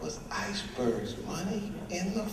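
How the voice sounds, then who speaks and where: A man's voice: sits high, sing-song, measured pace, noisy background. A man comedian telling a profane, conversational story on stage, recorded from far off in an echoey hall. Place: large hall at a live event.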